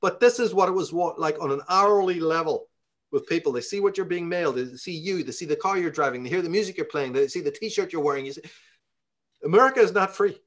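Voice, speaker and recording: A man's voice: on the high side, fast, a bit bright. Profane, ranting man with a Belfast accent. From Northern Ireland. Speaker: interview guest. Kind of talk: storytelling in conversation.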